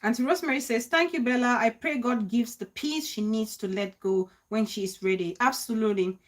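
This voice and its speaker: A woman hosting a live stream, warmly greeting viewers by name and talking into her phone. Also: fairly high pitch, brisk. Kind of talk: live stream chat reading comments.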